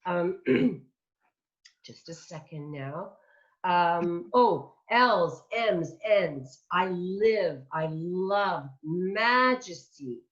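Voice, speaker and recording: Lower-voiced woman teaching singing on dull audio. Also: expressive, very slow. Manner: demonstrates by speaking and singing example words; chatty, warm teaching asides. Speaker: vocal coach. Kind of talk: online masterclass teaching.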